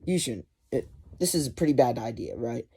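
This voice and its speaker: A man voicing a young superhero father, gentle and a little awkward, talking softly. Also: mid-range voice, lively intonation, a little fast, slightly rough. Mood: reasoning.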